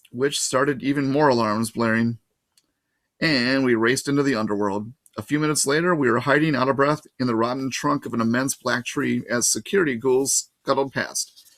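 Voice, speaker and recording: Male storybook reader, steady and even, dry close recording. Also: medium pitch, normal speed, no room sound. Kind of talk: reading a children's novel aloud.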